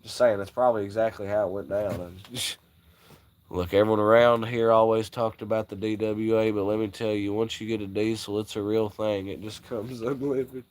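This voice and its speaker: A man's voice: fairly low pitch, steady tone, moderate pace, a little mellow. A man hosting a livestream, telling crude, rambling stories in casual chat with frequent laughs. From Southern United States. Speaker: livestream host.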